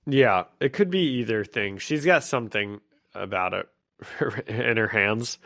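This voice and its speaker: A man's voice: on the low side, measured pace, vocal fry, a bit bright. A man co-hosting a podcast, chatting casually as he recaps a comic, laughing often and restarting his sentences. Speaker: podcast co-host.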